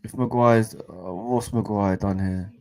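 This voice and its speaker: A young man giving casual live match commentary as a fan co-host, excitable and exasperated, with frequent restarts. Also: lowish voice, unhurried. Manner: excitable and exasperated, swears, repeats and restarts phrases.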